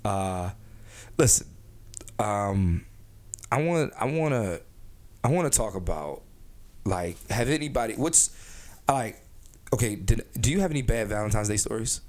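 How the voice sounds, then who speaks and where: A man hosting a comedy podcast, talking in a rambling, profane, animated way with lots of restarts. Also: fairly low pitch, measured pace, long pauses. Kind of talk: casual comedic podcast chat.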